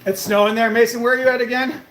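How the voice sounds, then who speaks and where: A man's voice: very high-pitched, little pitch movement, quick pace, fairly bright tone. A man chatting casually on a live stream, answering viewers' questions in a laid-back way, cursing freely and calling them bro and brother. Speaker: fitness streamer answering chat. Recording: echoey room with faint background noise.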